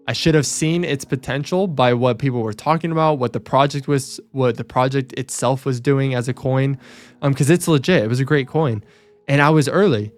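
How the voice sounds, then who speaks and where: A young man walking through trading charts on screen, excitable and self-mocking, repeating himself as he talks. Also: mid-range voice. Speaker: trading video host. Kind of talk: screen-share chart walkthrough.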